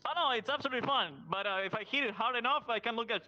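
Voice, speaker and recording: A man's voice: very high-pitched, racing, bright, forceful tone, muffled recording, faint music behind. A man playing a character in a voice-chat roleplay, eager and tripping over his restarts. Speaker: roleplay player.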